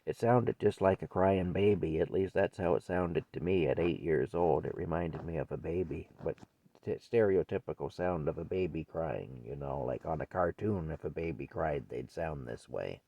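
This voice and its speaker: A man's voice: extremely low pitch, normal speed, mellow, no echo, highs cut off. An older man telling a childhood story in a rambling, folksy way. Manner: rambling, folksy, repeats himself. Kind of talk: casual spoken memoir.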